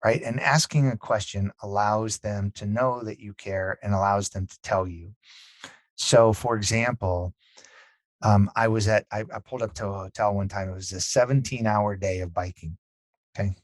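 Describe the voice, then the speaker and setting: Animated storytelling man, dry close sound. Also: on the low side, normal speed, no room sound. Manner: animated storyteller, acts out quotes. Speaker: podcast guest. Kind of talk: casual conversation.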